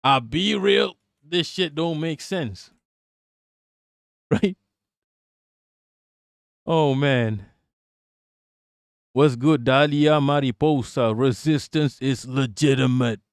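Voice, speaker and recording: A man's voice: medium pitch, slow pace, vocal fry, long pauses, dry recording, clean studio sound. A man in his thirties doing casual live-stream commentary and reading chat aloud, blunt and profane, often breaking into laughter.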